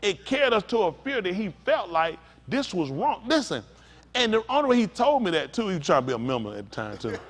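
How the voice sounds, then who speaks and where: A man's voice: high voice, sing-song, fairly quick. A male pastor teaching a sermon in a conversational storytelling way, talking straight to the congregation.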